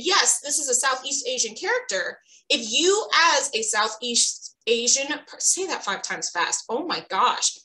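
A woman's voice: a little high, sharp tone, low-quality recording. A woman co-hosting a panel on a video call, talking earnestly and animatedly, often restarting her sentences. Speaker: co-host of a panel discussion.

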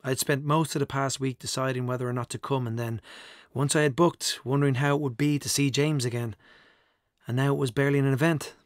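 A man narrating an audiobook in a measured, reflective first-person voice. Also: mid-range voice, steady tone, dry recording, studio quality. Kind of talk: scripted narration.

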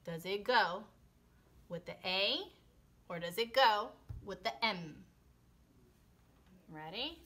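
A young woman with a bright, clear tone leads a phonics lesson for small children. She speaks slowly and patiently, drawing out each letter sound in a sing-song way and mixing in Spanish words. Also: medium pitch. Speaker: teacher.

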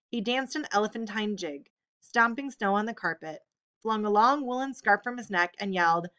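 A woman's voice: mid-range voice, normal speed, dull audio. Woman narrating an audiobook. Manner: steady, expressive storytelling. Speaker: audiobook reader.

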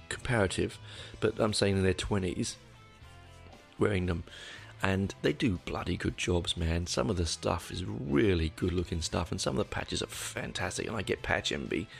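Deep gravelly man, rambling. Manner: rambling, with frequent restarts and swearing. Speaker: podcast host. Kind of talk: casual solo podcast monologue.

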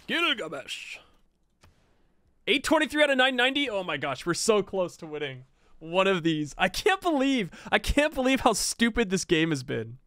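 Excitable high-voiced game streamer man. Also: fairly quick, no room sound. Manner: excitable, exclaiming and laughing at the game. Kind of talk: casual gameplay commentary.

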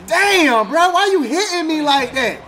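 High-pitched, animated streamer guy. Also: unhurried. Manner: animated trash talk, laughing, slang. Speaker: gaming streamer. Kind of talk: casual game commentary.

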